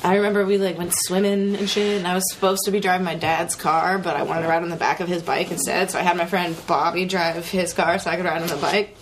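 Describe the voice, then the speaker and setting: A woman's voice: on the low side, flat delivery, fast talker, hardly any pauses, noisy background. Laid-back young woman guest. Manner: laid-back, giggly, swears casually. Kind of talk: casual storytelling.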